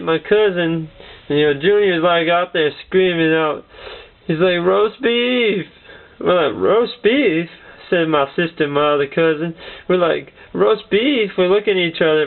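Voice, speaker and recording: A man's voice: a little high, smooth. A man telling rambling comic childhood stories as a comedian, often repeating "I tell you what.". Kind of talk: stand-up storytelling. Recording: tinny phone-like sound.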